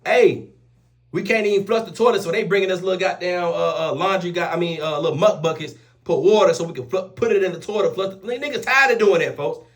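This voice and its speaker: A young man telling a rough story in casual street slang, animated and profane, repeating oaths after every line. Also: high voice, quick pace, hardly any pauses. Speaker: storyteller vlogger.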